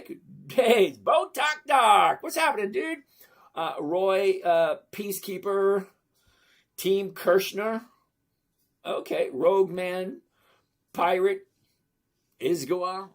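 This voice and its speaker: A man's voice: sits high, gravelly. A man in his fifties hosting a casual live stream, chatty and jokey as he greets viewers one by one and teaches investing.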